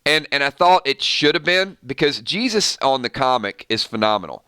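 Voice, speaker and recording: A man's voice: mid-range voice, expressive, moderate pace, sharp tone, clean tone, no echo, studio quality. A man hosting a casual live stream with his morning voice, rambling through viewer comments with fillers and restarts. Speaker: YouTube channel host.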